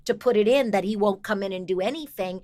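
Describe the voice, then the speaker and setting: A woman voice actor talking as a podcast guest, enthusiastic and quick with asides, often restarting her thoughts. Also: mid-range voice, darkish tone. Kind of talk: casual interview chat.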